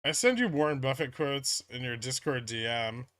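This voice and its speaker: A man hosting a casual stock-market livestream, reading viewer chat aloud and answering in a relaxed, rambling way. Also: mid-range voice, normal speed, no room sound.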